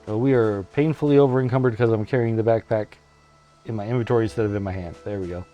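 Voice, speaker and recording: A man casually commenting while playing a survival game, chatting with friends and often breaking into laughter and high excited yelps. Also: quick pace, dull audio. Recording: faint game music behind.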